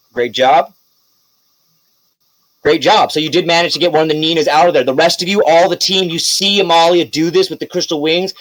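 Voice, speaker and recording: Game master, male, slightly raised pitch, loose rambling narration for a tabletop game. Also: dry recording, poor audio. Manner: relaxed, rambling narration with fillers and quick bursts.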